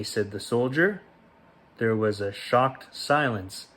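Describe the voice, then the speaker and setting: Guy reading a kids bedtime story real slow, bouncy up and down voice, gentle. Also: lowish voice, breathy edge. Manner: gentle, unhurried reading with lively ups and downs for the quoted lines. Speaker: storyteller reading a picture book aloud.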